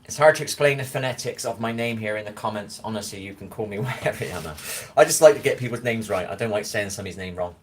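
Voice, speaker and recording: A man's voice: fairly low pitch, quick pace, hardly any pauses, slight background noise. A tired man with a West Country accent, rambling casually on a livestream and reading viewers' names from the chat, recorded on a phone at home. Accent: West Country English. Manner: rambling, chatty, reads chat names aloud. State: tired after little sleep. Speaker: livestream host.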